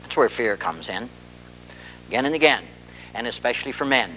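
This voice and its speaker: A man's voice: mid-range voice, moderate pace, in a large hall, a little hiss or hum, poor audio. A man who is a family therapist gives a public lecture, telling stories and acting out dialogue as he goes. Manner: animated storyteller who acts out dialogue. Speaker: marriage and family therapist giving a talk.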